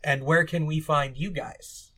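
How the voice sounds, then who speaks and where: A man's voice: fairly high pitch, unhurried, a loud crowd. A man hosting a podcast, chatting casually with his guests about a film. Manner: relaxed, thanks guests and signs off. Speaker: podcast host.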